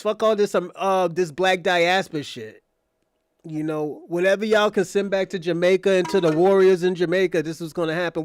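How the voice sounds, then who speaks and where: Blunt, high-voiced man hosting a stream. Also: smooth, no room sound, clean studio sound. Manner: blunt, profane, talks over clips. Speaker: livestream host reacting to clips. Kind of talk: casual reaction commentary.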